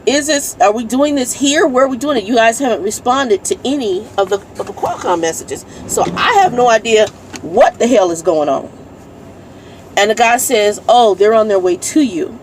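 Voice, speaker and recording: With a noisy background behind her, a woman speaks in a fairly high, animated voice at normal speed from her parked truck cab. The trucker's vlog is casual but blunt and annoyed, full of swearing as she reads her messages aloud.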